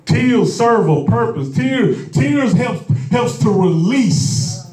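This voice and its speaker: High-voiced man preaching in an echoey hall. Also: expressive, takes it slowly, faint music behind. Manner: folksy, repetitive preaching that builds to shouted exhortation. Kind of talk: sermon. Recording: echoey room picked up from a distance.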